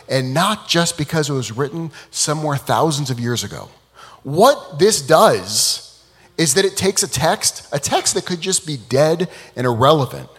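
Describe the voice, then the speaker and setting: Animated man speaking in a reverberant hall. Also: on the high side, husky. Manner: animated, dramatic storyteller. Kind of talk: public talk with storytelling.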